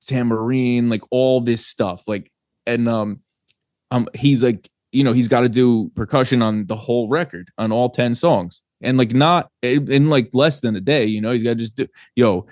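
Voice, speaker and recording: A man's voice: medium pitch, a little mellow, no echo, studio quality. A young man from New Jersey, a guest, chatting casually on a podcast in a laid-back, rambling way and swearing freely. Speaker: guest, band singer.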